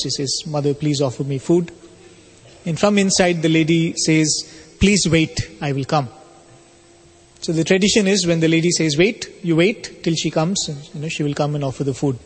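A man giving a spiritual talk, telling a story in a measured, explanatory way. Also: a little high, slightly rough. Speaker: spiritual speaker. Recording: long reverb of a hall.

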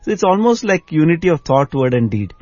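Casting: man, mid-pitched voice, measured and thoughtful, dry muffled recording. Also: big pitch swings, a little mellow, no echo. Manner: measured, thoughtful, frequent murmured agreement. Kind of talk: reflective conversation.

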